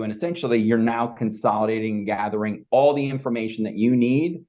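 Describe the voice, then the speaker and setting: Lower-voiced male guest, methodical step-by-step talk, dull lo-fi audio. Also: fairly even intonation, fairly quick, hardly any pauses. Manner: methodical, step-by-step, keeps asking "right?". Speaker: podcast guest. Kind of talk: casual podcast interview.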